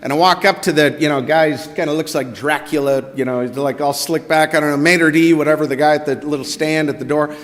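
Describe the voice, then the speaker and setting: Storyteller: middle-aged man, bright high voice, lively delivery, church hall reverb. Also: a little fast, few pauses. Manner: animated, quotes people in their own voices. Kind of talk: personal story told to a congregation. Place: church sanctuary.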